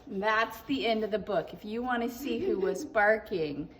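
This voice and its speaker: A woman's voice: mid-range voice, moderate pace, few pauses, a little hiss or hum. A woman teacher reading a storybook to her class, with cheerful, chatty asides to the viewers. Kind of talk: storybook read-aloud.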